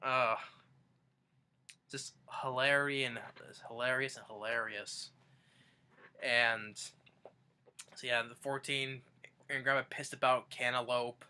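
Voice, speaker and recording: A young man casually recounting favorite videos in a rambling, halting way, restarting sentences as he goes. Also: medium pitch, steady tone, bright, forceful tone, clear, resonant tone. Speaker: fan vlogger. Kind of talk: casual countdown retelling.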